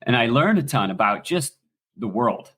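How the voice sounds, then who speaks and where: A middle-aged American man telling stories as a podcast guest, animated and swearing freely in casual talk. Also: mid-range voice, normal speed, slightly rough. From United States. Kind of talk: casual storytelling.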